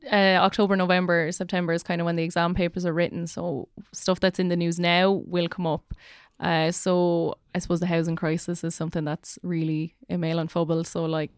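A woman's voice: fairly low pitch, clear, resonant tone, dry recording, clean studio sound. A young woman teacher with an Irish accent, chatting casually on a podcast and filling her speech with "like". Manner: chatty, lots of "like" fillers.

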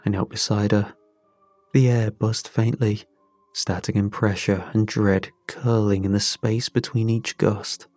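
A man narrating a first-person story in a slow, measured way. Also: on the low side, flat delivery, darkish tone, no echo, soft background music.

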